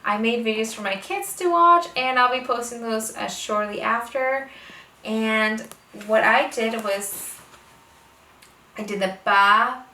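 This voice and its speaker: A homeschooling mother explaining how she teaches her children to read, speaking slowly and stretching out the letter sounds. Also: a little high, sharp tone, slight background noise. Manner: slow, deliberate, exaggerates phonics sounds. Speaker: homeschooling parent teaching reading. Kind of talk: instructional talk to camera. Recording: echoey room, voice a bit far from mic.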